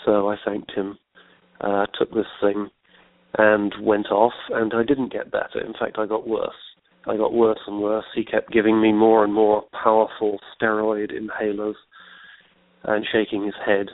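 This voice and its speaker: A man with an English accent, a guest author telling his story in a reflective, unhurried way during a radio interview by phone. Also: on the low side, monotone, dry recording. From England. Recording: tinny phone line.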